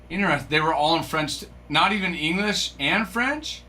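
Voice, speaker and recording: A man with a bright, forward voice chats casually on a live stream, wondering aloud and reacting to viewers' comments. A faint hum sits in the background of his recording. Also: on the high side, very animated, a little fast, hardly any pauses. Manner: chatty, musing aloud, reads from a screen, stumbles over French names. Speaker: card break streamer.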